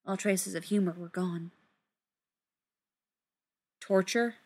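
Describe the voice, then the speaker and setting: A woman reading a story aloud in an unhurried, expressive way. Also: mid-range voice. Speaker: audiobook reader. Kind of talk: fan fiction reading.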